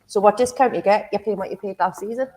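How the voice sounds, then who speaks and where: A woman's voice: mid-range voice, quick pace, a little mellow. A woman from Byker, a guest on a fan panel, blunt and complaining in casual chat. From Byker, Newcastle.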